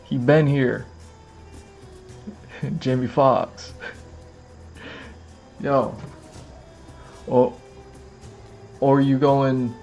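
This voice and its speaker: A man's voice: medium pitch, a little mellow. Rambling man streaming to camera. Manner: rambling, repeats phrases, many fillers. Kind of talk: casual livestream chat. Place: indoors in front of a camera with lights.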